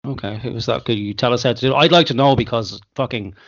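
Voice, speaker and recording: A man hosting a podcast over an internet call, measured and dry, with casual swearing. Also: mid-range voice, muffled recording. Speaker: podcast host.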